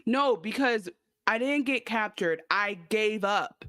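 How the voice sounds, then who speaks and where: A woman co-hosting a podcast, telling stories and joking in a loose, animated way. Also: medium pitch, slow pace, dry recording. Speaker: podcast co-host. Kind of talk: casual chat.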